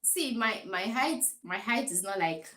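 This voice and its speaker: A young Ghanaian woman with a Ghanaian accent, telling stories to camera in a chatty, animated way and laughing between remarks. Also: medium pitch, unhurried, slight background noise. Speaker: vlogger. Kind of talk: casual storytelling to camera. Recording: echoey room.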